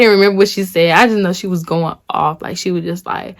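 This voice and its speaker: A woman in her twenties telling a dramatic story in a casual vlog, animated and full of slang. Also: lowish voice, brisk. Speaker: vlogger.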